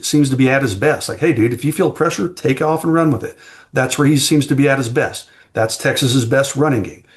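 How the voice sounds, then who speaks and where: A man appearing as a guest sports writer in a casual podcast chat, giving frank, plain-spoken football analysis. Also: medium pitch.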